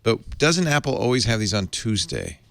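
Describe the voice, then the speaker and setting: A man's voice: lowish voice, very animated, moderate pace, gravelly, fairly bright tone, no room sound. A man hosting a tech podcast, playful and joking as he chats with his guests. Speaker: podcast host. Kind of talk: casual tech chat.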